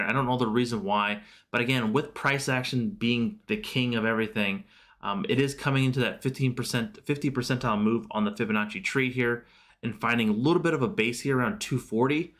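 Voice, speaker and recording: A man hosting a relaxed live market stream, with a voice of ordinary middle pitch. He talks loosely and informally, often pausing on "um" and "uh" and correcting himself mid-sentence as he walks through charts and answers viewers. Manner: loose and chatty, many fillers and self-corrections; answers viewer chat questions. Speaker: livestream host. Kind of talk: casual live stock market commentary.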